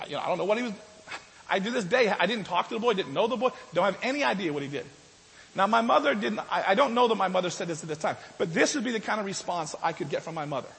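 High-voiced man preaching in a hall. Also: creaky. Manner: conversational preaching, with restarts and shifts from loud to soft. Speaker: pastor. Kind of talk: sermon.

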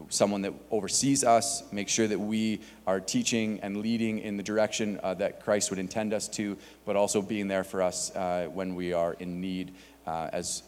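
A man's voice: low voice, darkish tone, a little hiss or hum. A man on a church staff giving casual announcements to the congregation, with many filler words. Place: church sanctuary. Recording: long hall reverb.

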